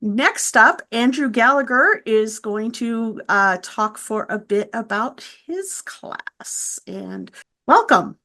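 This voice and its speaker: A woman's voice: on the high side, animated, slow, bright, forceful tone. A woman hosting a virtual meet and greet, friendly as she introduces speakers and reads out class dates. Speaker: event host. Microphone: video call.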